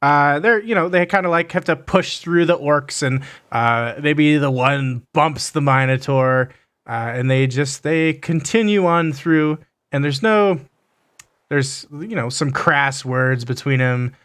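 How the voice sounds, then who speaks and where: A man narrating a tabletop game as game master, halting with fillers and restarts. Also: a little high, a bit bright, smooth.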